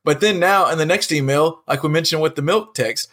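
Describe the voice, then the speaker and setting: A man co-hosting a podcast, ranting in an animated way about a pet peeve and acting out little quoted exchanges. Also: on the high side, fairly quick. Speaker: podcast co-host. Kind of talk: casual podcast rant.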